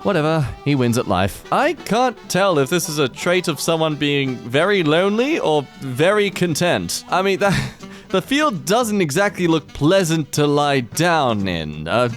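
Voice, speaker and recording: A man's voice: a little high, sing-song, a little slow. A young man hosting a comedic read-through of wholesome posts, with silly, jokey asides. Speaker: host reading wholesome posts. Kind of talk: comedic commentary. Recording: soft music behind.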